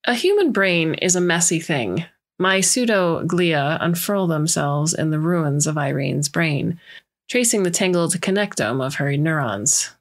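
A woman reading a science fiction story aloud in measured, scripted narration. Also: sits low, animated. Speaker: story reader.

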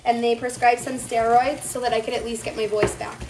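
Still getting her voice back, a cooking show host runs a chatty live demonstration from her home kitchen, calling viewers "you guys" and responding to comments. She's a young woman whose voice is a little high, level, a bit quick, and slightly mellow. Faint noise and echo fill the room.

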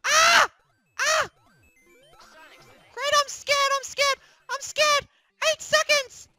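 A very high, squeaky young male plush hero who whines and panics at every obstacle, with a bright edge to the tone. The delivery is slow and drawn out, full of yelps and shouts. It sounds dry and close, with faint music underneath. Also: steady tone, dry recording, exaggerated voice. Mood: panicked. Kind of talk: comedic plush puppet gaming skit.

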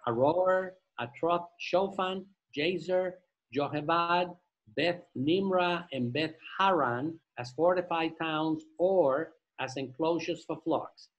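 A husky man reads scripture aloud to his study group. His voice sits a bit high, and he takes the passages slowly, tripping over the names and stopping for joking asides. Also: dull audio. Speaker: Torah study participant reading scripture. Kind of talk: reading aloud and group discussion.

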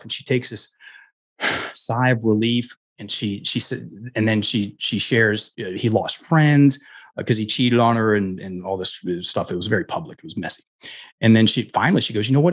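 Low-ish, husky and a bit bright, this middle-aged man's voice moves at a moderate pace. As a guest coach in a conversational interview, he recounts personal stories earnestly, restarting often.

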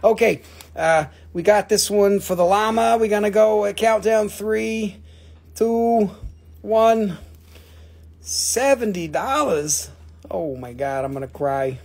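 A man hosting a live-stream crystal auction in casual chat, excitable and joking, swearing freely. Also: high-pitched, takes it slowly.

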